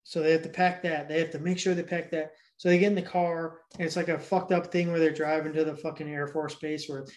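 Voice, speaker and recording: Brief: young male podcast host, fairly high voice, loose and profane, rambles through a movie plot. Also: flat delivery, quick pace, a little mellow. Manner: rambling, heavy swearing, laughs while telling. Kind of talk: casual chat, retelling a movie plot.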